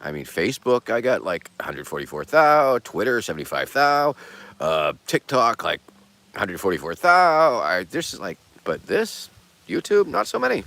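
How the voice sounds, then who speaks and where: A man's voice: lowish voice, sing-song, normal speed, bright, forceful tone, no room sound. A man hosting a casual livestream who rambles in a laid-back way and swears casually. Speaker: streamer host.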